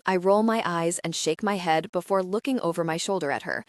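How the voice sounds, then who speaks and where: A woman's voice: on the low side, brisk, no echo, studio quality. A woman narrating a first-person romance audiobook in a wry, self-deprecating way.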